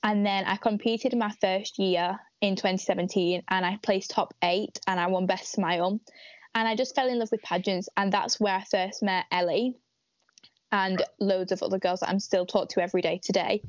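A woman's voice: mid-range voice, steady tone, normal speed, dry recording. Teen girl, chatty interview guest; dry, lo-fi call audio. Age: late teens. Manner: chatty, giggly, fillers like "like" and "literally". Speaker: pageant titleholder guest. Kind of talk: casual interview chat. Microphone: video call. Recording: dry, dull lo-fi video call.

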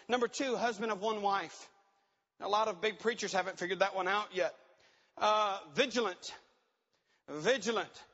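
A man's voice: sits high, fairly bright tone. A man preaching a sermon at a conference, reading scripture aloud and repeating key words for emphasis. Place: church conference hall. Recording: dull recording in a reverberant hall.

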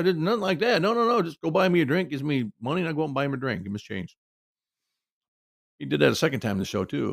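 Middle-aged male storyteller, gravelly and dry-miked, folksy and rambling. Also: medium pitch, no echo. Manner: rambling, folksy, lots of asides. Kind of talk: casual personal anecdote.

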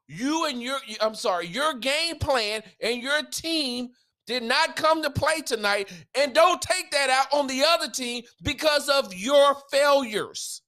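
A man's voice: extremely high pitch, bright, forceful tone. A man hosting a solo sports podcast, ranting in a heated, emphatic way with casual slang.

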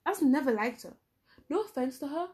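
Animated young woman telling a story. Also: high-pitched, fairly quick. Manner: animated, dramatic retelling with quoted dialogue. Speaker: vlogger. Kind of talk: storytime, casual chat.

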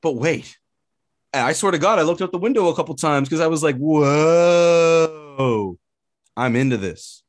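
A man's voice: on the high side, fast, no room sound, studio quality. A man co-hosting a casual sports talk show, ranting with energy and plenty of swearing. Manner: animated, profane ranting. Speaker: podcast co-host.

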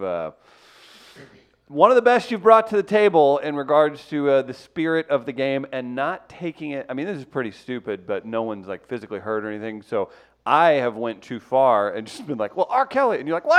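A man bantering and teasing his co-hosts on a casual podcast. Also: mid-range voice. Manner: joking, teasing, laughs often. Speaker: podcast co-host and contestant.

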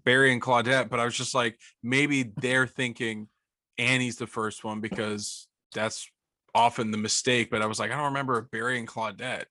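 Laid-back male podcast co-host with a bright, forceful voice, recorded dry. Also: mid-range voice, flat delivery, moderate pace, no echo. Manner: laid-back, swears casually. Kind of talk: casual chat.

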